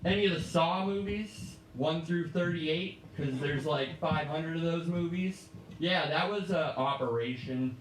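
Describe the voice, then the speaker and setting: A man performing a stand-up comedy set on a club stage, often jumping into shouted high voices. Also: unhurried, roomy sound, far from the mic, a little hiss or hum, low-quality recording.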